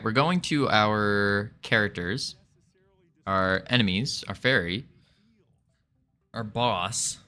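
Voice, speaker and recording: Streaming his game dev work live, a man mutters through his code and pokes fun at himself. His fairly low voice sounds pushed and bright, with a clear, resonant tone, suited to casual live coding chatter.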